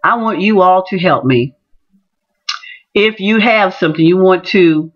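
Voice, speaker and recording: Animated woman telling a story. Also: medium pitch, highs cut off. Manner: animated, acts out voices in her stories. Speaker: teacher and vlogger. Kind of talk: casual storytelling vlog.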